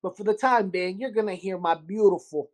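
A man with a New York accent hosting a casual podcast, talking in an animated, gruff way and calling people dude and brother. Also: high voice, fairly quick. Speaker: podcast host and restaurant owner.

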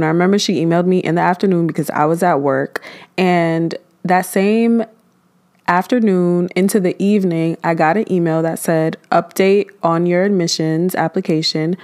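A woman in her twenties hosting a podcast, telling a personal story in a candid, animated way and acting out her own past thoughts. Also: lowish voice. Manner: candid, animated retelling with lively quoted self-talk. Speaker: podcast host.

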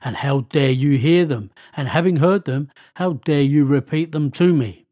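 A man's voice: a little high, moderate pace, warm tone, dry recording, studio quality, lightly acted. A man voicing a proud, indignant goddess in a read-aloud myth.

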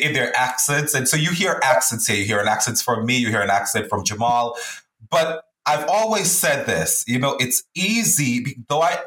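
Bright-voiced host in an echoey room. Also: male voice, mid-range voice. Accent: mixed Caribbean. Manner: quick to laugh, interjects often. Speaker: podcast host. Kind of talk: casual interview chat.

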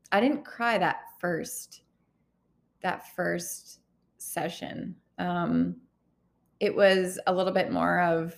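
A woman in her thirties talking candidly in a personal vlog, halting and close to tears as she opens up. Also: fairly low pitch, vocal fry. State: holding back tears. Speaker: healthcare worker vlogger.

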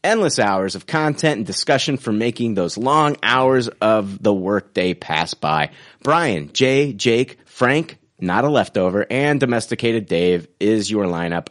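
Male podcast co-host, lively swooping delivery, reads reviews with mock gravity and lots of laughing. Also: lowish voice, measured pace. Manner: animated, laughing, mock-dramatic review reading. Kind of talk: casual podcast chat reading listener reviews.

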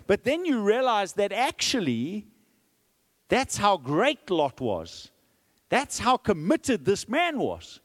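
A man's voice: high voice, slow, in a large hall. A man in his forties preaching a sermon, acting out the quotes and checking in with "okay?" as he goes. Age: 40s. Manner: animated, acts out the quotes, asks "okay?" often. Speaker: pastor.

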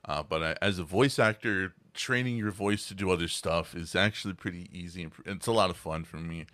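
A man with a very deep, resonant voice, a voice actor chatting as a podcast guest, rambling with restarts. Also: a little fast, fairly bright tone, dry recording. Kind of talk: casual chat.

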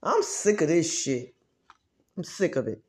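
A woman vlogger in a heated, profane rant who drives her points home by repeating herself and swings between loud outbursts and low muttering. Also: big pitch swings, measured pace. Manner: profane, emphatic, repeats phrases for force. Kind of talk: heated ranting monologue.

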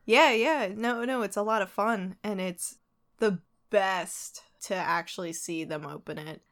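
A woman's voice: mid-range voice, a little slow, fairly bright tone. A young woman with a New York accent co-hosting a casual podcast, chatty and self-deprecating. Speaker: podcast co-host. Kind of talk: casual chat.

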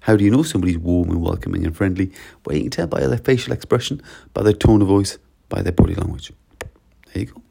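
Bloke chatting on his podcast about school stuff, lowish gravelly voice, rambles with little stories. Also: fast, mellow. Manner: chatty, anecdotal, acts out short exchanges. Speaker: school leader. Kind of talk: casual solo podcast.

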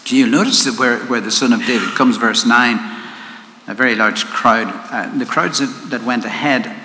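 A man's voice: mid-range voice, normal speed. A man giving a sermon in a conversational way, with asides, and often repeating his words. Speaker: preacher. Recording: echoey hall with faint noise.

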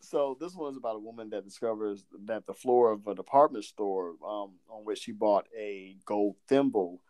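A man's voice: on the low side, moderate pace. A man from Southern Georgia with a faint Southern accent, co-hosting a podcast and telling stories in a rambling way with frequent laughter. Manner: rambling, laughs often, lively storytelling. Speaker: podcast co-host. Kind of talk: casual chat.

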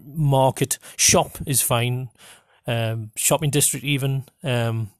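A man with a North East English accent hosting a podcast, rambling with many pauses and restarts. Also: mid-range voice, steady tone, dry recording, studio quality. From North East England. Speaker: podcast host. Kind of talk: casual monologue with a dialect reading.

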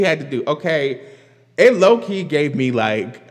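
A man giving loose, casual commentary as a vlogger, animated, laughing often and rambling into asides. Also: on the high side, a little slow, long reverb tail. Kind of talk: casual pop-culture commentary.

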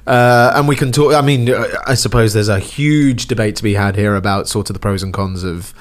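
A man's voice: lowish voice, brisk. A man co-hosting a podcast in casual chat, chatty and teasing. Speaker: podcast co-host.

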